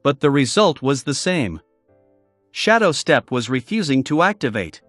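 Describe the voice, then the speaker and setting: A man narrating a fantasy web novel in a steady storytelling read. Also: medium pitch, moderate pace, no echo, faint music behind. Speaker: audiobook narrator. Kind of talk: scripted narration.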